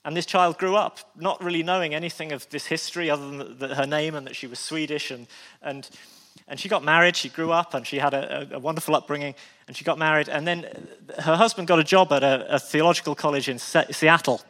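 A man's voice: fairly high pitch, fairly even intonation, quick pace, fairly bright tone, in a large hall. Male preacher, sermon storytelling, restarts, heartfelt asides. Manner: frequent restarts, emotional asides.

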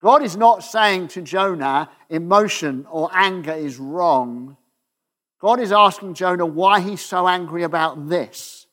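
Guy giving a sermon, slightly high voice, chatty, keeps asking okay?. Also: a little slow. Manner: conversational, asks the audience questions with tag "okay?"; drops to a soft low voice at the ends of phrases. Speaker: preacher.

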